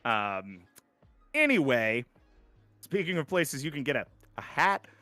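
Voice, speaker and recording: A man's voice: mid-range voice, sing-song, a little slow, pushed and bright, dry recording, faint music behind. A man co-hosting a gaming podcast, chatting casually and ranting with sarcastic opinions. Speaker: podcast co-host.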